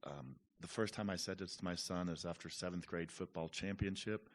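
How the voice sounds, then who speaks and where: A man's voice: low-pitched, a little fast. A middle-aged father from Alabama sharing an earnest, slightly hesitant comment from the audience. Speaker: parent in the audience.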